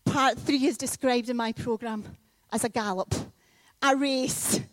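Woman preacher in church, high voice, dry close sound, big loud bursts when she tells the story. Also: unhurried, dry recording. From Scotland. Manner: animated storytelling with sudden loud peaks. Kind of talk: sermon.

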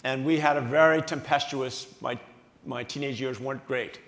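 A man in his sixties from the Philadelphia area, a guest speaker telling a story on stage, animated and self-mocking, laughing as he talks. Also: medium pitch, normal speed. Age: 60s. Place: large banquet hall. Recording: echoey hall with long reverb.

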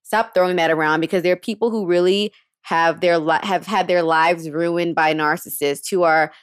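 A woman's voice: on the low side, steady tone, normal speed, smooth, no room sound, clean studio sound. A young woman hosting a podcast, giving casual advice in a frank, slangy way with casual cursing. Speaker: podcast host.

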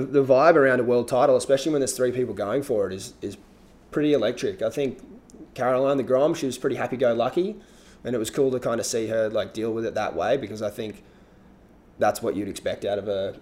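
A man chatting casually about competition surfing, relaxed and rambling, with frequent restarts. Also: medium pitch, fast talker. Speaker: surf analyst guest. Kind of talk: casual podcast chat.

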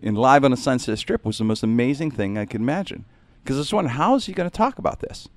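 A man's voice: medium pitch, expressive, fast talker, no room sound. A man, a comedian, talking in a casual interview, rambling and reflective, often saying "man.".

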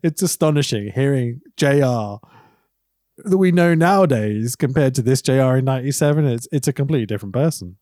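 A man co-hosting a podcast in casual chat, animated and quick to laugh. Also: no echo, clean studio sound. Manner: animated, breaks into high laughs and shouted impressions. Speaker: podcast co-host.

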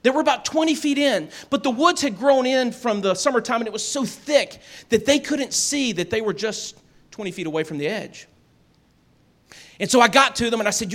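Brief: middle-aged man, high-pitched voice, folksy storyteller, self-deprecating. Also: normal speed, a bit bright. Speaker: speaker telling a family story to an audience. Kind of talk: animated storytelling talk.

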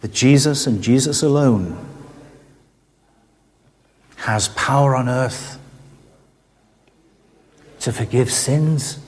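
A man's voice: medium pitch, darkish tone. A middle-aged man preaching a sermon, telling stories and asking rhetorical questions in an earnest manner. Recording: reverberant hall.

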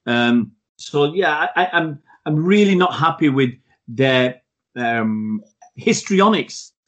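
A man's voice: on the high side, lively intonation, slow pace, dull audio. A man, a podcast co-host, giving blunt and outspoken opinions in a casual football chat.

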